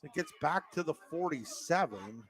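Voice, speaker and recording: High-voiced excitable play-by-play man. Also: husky. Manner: quick, excitable calls with frequent fillers. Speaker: play-by-play announcer. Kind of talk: live football play-by-play commentary.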